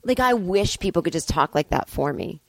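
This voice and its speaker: A woman's voice: lowish voice, expressive, moderate pace, gravelly, no room sound. Sarcastic, swearing woman comedian ranting. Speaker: comedian and podcast host. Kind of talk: casual solo monologue. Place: at home.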